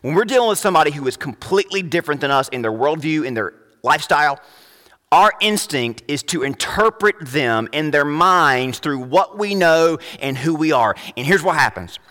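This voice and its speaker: A young adult man preaching a sermon as pastor, emphatic, rising to loud high peaks. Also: animated, moderate pace, in a large hall.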